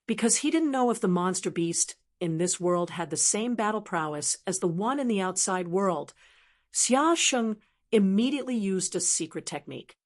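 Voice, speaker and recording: A woman narrating a martial arts audiobook in steady, even storytelling. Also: medium pitch, moderate pace. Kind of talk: scripted narration.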